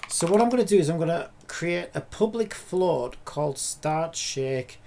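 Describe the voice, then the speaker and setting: A man talks through his game coding on a live stream, rambling and thinking aloud with casual swearing. His voice sits a little high and has a gravelly edge. Faint keyboard typing and light noise sit behind him. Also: animated, moderate pace, dark tone. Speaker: streamer and indie game developer.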